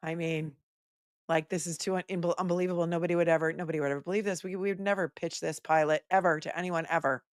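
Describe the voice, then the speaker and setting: Low-voiced sarcastic woman commentator. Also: fast talker, no room sound, studio quality. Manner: sarcastic, animated asides. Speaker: attorney commentator hosting a livestream. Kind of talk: live trial commentary.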